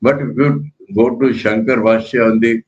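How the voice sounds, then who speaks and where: An older man with an Indian accent, a monk giving a spiritual lecture in a measured, emphatic way that repeats key words. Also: mid-range voice, steady tone, dull audio.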